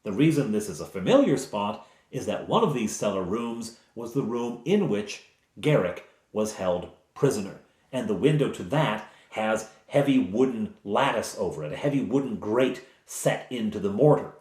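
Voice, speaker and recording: A man's voice: on the low side, expressive, normal speed, darkish tone. Man recounting a tabletop game, roomy echo. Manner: casual, digressive explanations with asides. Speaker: game master.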